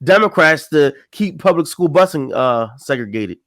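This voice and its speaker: A man's voice: fairly high pitch, lively intonation, normal speed, fairly bright tone. A man talking politics in a casual chat, stressing points by repeating them. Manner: emphatic, repeats phrases for stress.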